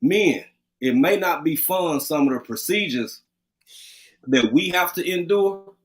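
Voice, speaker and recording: A man's voice: a little high, lively intonation, measured pace, poor audio. A middle-aged man with an East Texas accent, co-hosting a livestream, who talks earnestly and repeats himself as he urges men to see the doctor. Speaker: livestream co-host. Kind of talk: casual chat.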